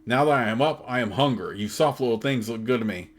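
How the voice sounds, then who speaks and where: Man reads a huge cave giant from a video game, grumpy and hungry, blunt and gruff, mid-range pitch. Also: fast, close to an everyday voice. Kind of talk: reading a video game's dialogue aloud.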